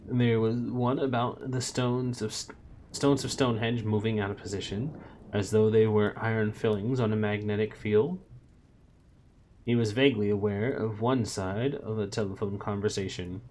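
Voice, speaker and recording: A man casually reading a novel aloud on a stream, stopping for relaxed, amused asides. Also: on the low side, normal speed, slight background noise. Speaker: story reader and streamer.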